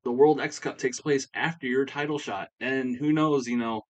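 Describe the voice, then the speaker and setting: A man's voice: medium pitch, steady tone, moderate pace, pitched above the performer's own voice, natural voice. A man voicing an eager male wrestler recruiting teammates, persuasive and stumbling over his words.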